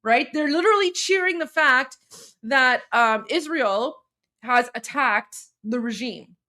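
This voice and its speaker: A woman's voice: sits high, animated, a little slow, bright, forceful tone. A woman with an Iranian accent hosting a livestream, rambling and repeating herself as she comments on clips. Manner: rambling, repeats herself, keeps asking "right?". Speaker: livestream host. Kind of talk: casual live commentary.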